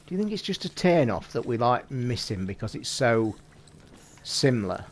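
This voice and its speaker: Swearing streamer, chatty. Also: male voice, mid-range voice, very animated, normal speed. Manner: chatty, swears constantly, talks to chat. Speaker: live streamer. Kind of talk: casual live gameplay commentary.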